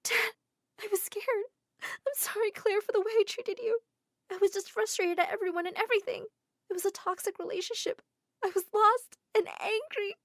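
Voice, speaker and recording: A fragile young bride, played by a woman in an animated drama, her voice pitched high and pleading. She sounds close to tears throughout, with a breaking delivery. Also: moderate pace, dry recording. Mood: tearful.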